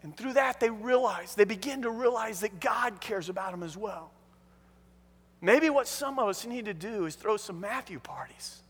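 A man preaching a sermon as a pastor, telling the story in an animated way with many restarts. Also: high-pitched, moderate pace, slightly rough, in a large hall.

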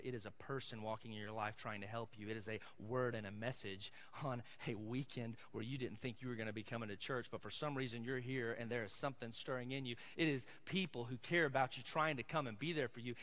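A man preaching a sermon as pastor, emphatic and swinging between loud passages and hushed ones. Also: medium pitch. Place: church sanctuary. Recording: echoey hall.

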